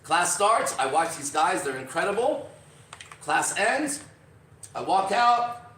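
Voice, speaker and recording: A man with a slightly high voice tells a story in a loose, cursing, animated way, switching into the voices of the people in it. He sits some way back from the microphone, so the room rings around him. A faint hiss sits underneath. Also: slow. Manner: profane, animated, acts out quotes. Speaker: podcast host. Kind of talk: casual storytelling. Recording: roomy, distant from mic.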